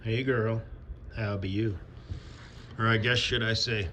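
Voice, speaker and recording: A man's voice: lowish voice, fairly even intonation, unhurried, pauses often, bright, forceful tone. A man rambling through a casual, offhand monologue and swearing now and then. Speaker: vlogger.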